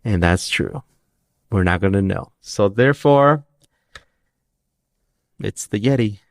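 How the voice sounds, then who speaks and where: A man's voice: lowish voice, expressive, slow pace, creaky, dry recording. A man co-hosting a podcast in casual conversation, rambling and joking, often restarting his sentences. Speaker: podcast co-host.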